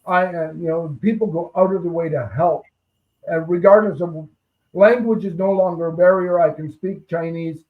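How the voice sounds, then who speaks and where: A man with a fairly high voice, talking haltingly in a casual chat. He pauses often and restarts his sentences, and his voice comes through a tinny, phone-like line. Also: fairly even intonation.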